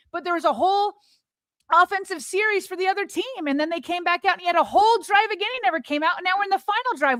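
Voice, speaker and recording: A woman co-hosting a sports podcast argues heatedly and emphatically, firing off exasperated rhetorical questions. Her voice is extremely high-pitched and sharp, recorded at studio quality with no room sound.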